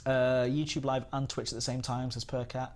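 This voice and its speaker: A man's voice: mid-range voice, little pitch movement, normal speed. A man with a Northern English accent hosting a casual gaming live stream, rambling and chatting while reading out viewer comments. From England. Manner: rambling, chatty, reads chat aloud.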